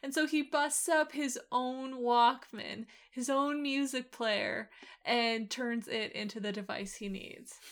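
A woman co-hosting a podcast, chatting casually about a TV show in a relaxed, rambling way with frequent laughs. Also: on the high side, slow pace, clear, resonant tone. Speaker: podcast co-host.

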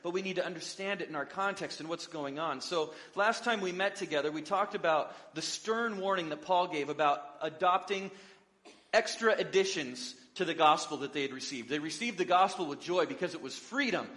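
Bright-voiced man preaching a sermon. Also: on the high side, brisk, in a large hall. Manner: relaxed, rambling with many fillers and self-corrections. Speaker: pastor. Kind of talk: conversational sermon.

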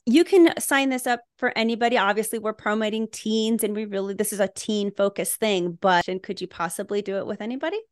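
A woman's voice: mid-range voice, steady tone, brisk, few pauses, no echo. Lady hosting a parenting podcast, asking follow-ups, totally dry close mic sound. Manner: engaged, asks follow-up questions. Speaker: podcast host.

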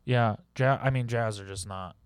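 A young man co-hosting a podcast in casual, profane chat, joking with deadpan asides. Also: mid-range voice, normal speed, clean tone, no room sound. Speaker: podcast co-host.

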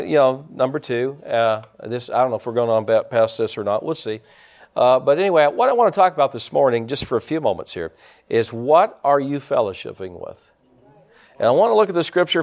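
Lively, animated male pastor preaching. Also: medium pitch. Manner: folksy, rambling, with asides to the congregation. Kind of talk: sermon. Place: church sanctuary with a congregation.

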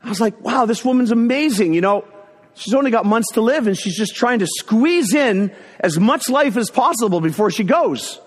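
Middle-aged man, higher-pitched, lively sermon storyteller, long hall reverb. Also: moderate pace, husky. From northern Ontario, Canada. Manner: animated storyteller who acts out quotes. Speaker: speaker sharing a testimony. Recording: echoey hall.

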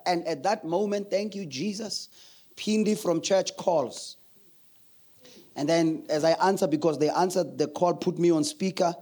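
A man preaches a sermon in a church. His voice sits high for a man, and he tells his stories with plenty of laughter, often slipping into other people's voices. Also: a little slow, darkish tone. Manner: storytelling, laughing, acting out voices. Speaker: pastor.

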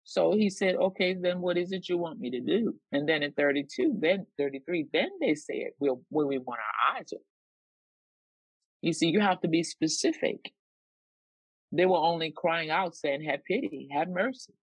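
Gravelly, husky minister on a dull recording. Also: medium pitch, moderate pace, no room sound. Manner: animated, specific, acts out prayers. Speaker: co-minister in a teaching program. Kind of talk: Bible teaching sermon.

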